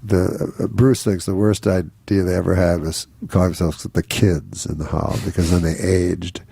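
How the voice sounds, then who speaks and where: A middle-aged man, a comedian, telling a rambling anecdote in a deadpan way, laughing now and then and acting out what other people said. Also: sits low, moderate pace, vocal fry, slightly rough, no room sound, studio quality. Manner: deadpan, laughs at his own stories, acts out other people's lines. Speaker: comedian guest.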